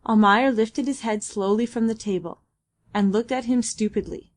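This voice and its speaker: A woman's voice: a little high, fairly even intonation, normal speed. Woman narrating an audiobook. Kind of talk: scripted narration.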